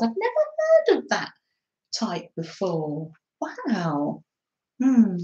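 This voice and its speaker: Slow, chatty woman in an echoey room. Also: medium pitch. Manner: chatty, giggly, greeting viewers by name. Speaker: craft livestream host. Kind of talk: casual chat reading live comments.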